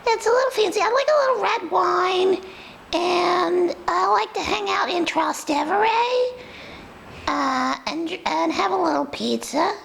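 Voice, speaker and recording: Sassy female pet dog, New York accent, rambling, very high, heavily gravelly. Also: expressive, measured pace, a bit bright, slight background noise, exaggerated voice, low-quality recording. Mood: chatty. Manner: rambling, chatty, confiding. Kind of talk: comic pet voice role-play.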